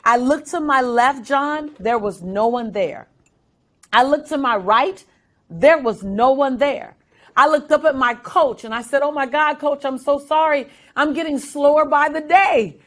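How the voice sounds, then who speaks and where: Brief: middle-aged woman, storyteller, slightly high voice, acts out voices with big dramatic swings. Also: measured pace. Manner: acts out voices of family and coach in her story. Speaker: guest speaker. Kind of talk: animated personal storytelling.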